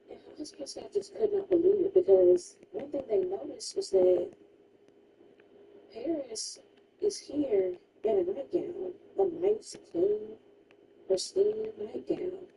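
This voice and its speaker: A woman's voice: extremely high pitch, big pitch swings, takes it slowly, vocal fry, dark tone, far from the mic, slight background noise, rough recording. A woman streamer casually retelling a true crime story while gaming, emphatic and chatty, full of "like" asides.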